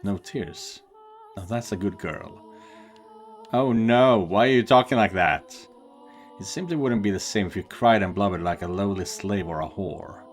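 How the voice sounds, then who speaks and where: A man reading a cruel, mocking lord from a game, slow and gloating. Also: fairly low pitch, animated, soft background music, natural voice. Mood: gloating cruelty. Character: cruel sneering male lord, mocking and sadistic.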